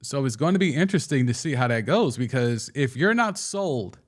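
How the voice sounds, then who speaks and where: A young man hosting a casual sports talk show, excitedly giving his takes and answering viewer comments, often restarting and stumbling over his words. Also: medium pitch, moderate pace. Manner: excitable, with frequent restarts and stammers. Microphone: studio microphone.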